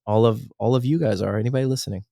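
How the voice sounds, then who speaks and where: A man's voice: mid-range voice, racing, vocal fry, dark tone, no room sound, studio quality. A man co-hosting a faith podcast, talking earnestly in a rambling way and correcting himself as he goes. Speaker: podcast co-host. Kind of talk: casual faith podcast chat.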